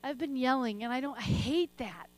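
A middle-aged woman preaching a sermon and praying, passionate, laughing often and swinging between soft and loud delivery. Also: sits high, normal speed. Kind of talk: sermon with prayer.

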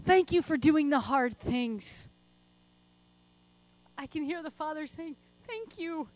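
High-voiced woman preaching with passion. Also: slow. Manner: passionate, laughs often, swings between soft and loud. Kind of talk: sermon with prayer.

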